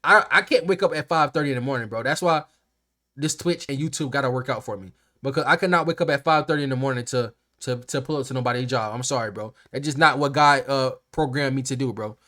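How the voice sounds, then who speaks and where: A young man casually telling a workplace story to camera, animated and slangy, acting out the people in it. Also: medium pitch, fast. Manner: animated, slangy and profane, acts out quotes.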